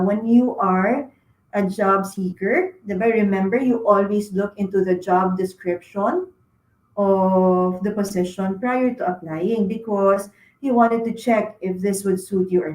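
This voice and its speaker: A woman's voice: mid-range voice, a little slow, darkish tone, reverberant, low-quality recording. A woman giving interview advice to students, with lots of fillers and frequent "okay?" check-ins. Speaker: career talk speaker. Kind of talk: career advice talk to students.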